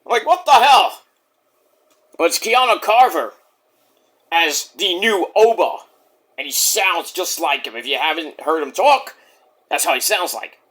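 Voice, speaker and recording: A man recapping a wrestling show in a casual vlog, excitable, rambling and profane. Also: fairly high pitch, unhurried, long pauses, breathy edge.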